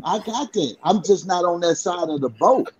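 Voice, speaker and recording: A man's voice: sits high, animated, moderate pace, darkish tone, muffled recording, slight background noise. A man on a podcast panel, arguing his point in a blunt, emphatic and profane way. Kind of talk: heated casual debate.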